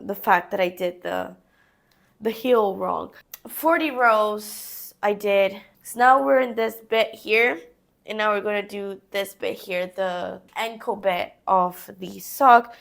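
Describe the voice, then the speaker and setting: With a fairly high, creaky, somewhat bright voice, a young woman narrates her knitting in a relaxed how-to style. She's a crafting vlogger, chatting to herself through each step.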